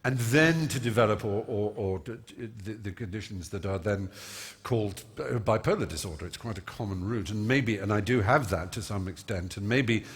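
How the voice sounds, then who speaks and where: Husky man, eloquent storyteller. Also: lowish voice, moderate pace. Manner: eloquent, self-mocking, with many fillers. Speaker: guest. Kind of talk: on-stage interview, storytelling. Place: large concert hall stage. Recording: long reverb of a large hall.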